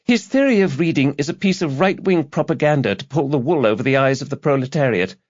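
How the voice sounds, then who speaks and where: A man's voice: animated, fast talker, dry recording, lightly acted. A man voicing a strident, preachy young female student activist, 18 or 19, in a reading on dull, dry lo-fi audio. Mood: defensive, curt. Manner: shrill, preachy slogan-chanting.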